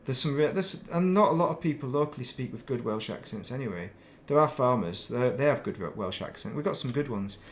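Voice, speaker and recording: A man with a softened northern English accent talks in a loose, meandering way, drifting from thought to thought. He is a middle-aged game streamer chatting casually as he plays, with a mid-range everyday voice. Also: mid-range voice, expressive, a little fast, few pauses. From northern England. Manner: rambling, thinks aloud, laughs at himself. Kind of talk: casual chat while playing.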